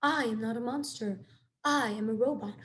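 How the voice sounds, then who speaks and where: A polite robot mother, read by a woman, calm and formal in every word. She speaks gently and with care. The voice sits a little high, as in a storybook read-aloud. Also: normal speed, natural voice.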